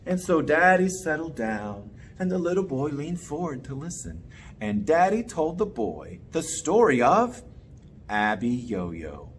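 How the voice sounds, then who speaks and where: Playful, wildly animated male storyteller. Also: a little high, measured pace, slight background noise. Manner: playful and animated, inviting kids to join in. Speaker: children's storyteller. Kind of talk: interactive children's story time.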